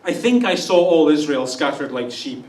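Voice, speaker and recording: A man playing a blunt male prophet who gives frank, drawn-out warnings, heard from a distance in a church. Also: a little high, lively intonation, a little mellow, pitched below the performer's own voice, close to an everyday voice. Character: blunt male prophet delivering bad news. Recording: roomy church sound from a distance.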